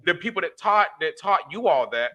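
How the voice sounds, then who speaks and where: A man with a fairly high, very bright, sharp voice chats as a podcast co-host. He keeps repeating and restarting his phrases before he gets to the point. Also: big pitch swings, fairly quick. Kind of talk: casual chat.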